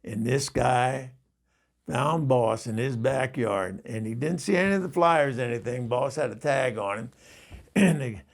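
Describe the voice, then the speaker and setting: A man hosting a show and telling a story in a casual, halting way with chuckles and fillers. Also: mid-range voice, creaky. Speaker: storyteller host.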